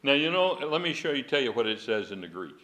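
A man's voice: medium pitch, big pitch swings, fast talker, sharp tone. Folksy man teaching a Bible class. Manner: folksy, digressive, chuckles often.

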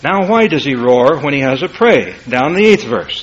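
A man preaching a sermon in a folksy, conversational way, swinging between loud emphatic bursts and quiet low asides. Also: very animated, normal speed, few pauses. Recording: dull lo-fi sermon tape.

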